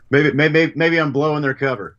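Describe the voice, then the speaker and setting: A man calling in as a guest musician, talking in a relaxed, easygoing way with a lot of hedging. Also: fairly high pitch. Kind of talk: casual interview chat. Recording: dull phone-line call.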